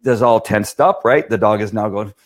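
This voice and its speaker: A man's voice: on the low side, normal speed. A man, a dog trainer explaining things in a casual, rambling way and often asking "right?".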